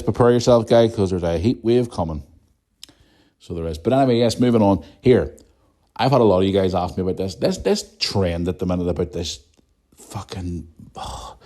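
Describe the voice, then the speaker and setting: A blunt Northern Irish man in his thirties hosts a podcast and rants freely, with swearing scattered through his casual talk. His voice sits low and sounds dark and mellow. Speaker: podcast host. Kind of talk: casual ranting monologue.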